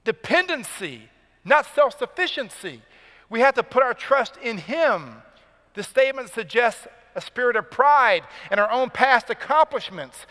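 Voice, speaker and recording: Bright-voiced preaching man. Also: extremely high pitch, expressive, moderate pace, big-room sound. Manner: emphatic preaching, rising for key points. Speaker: pastor. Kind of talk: sermon. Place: church sanctuary.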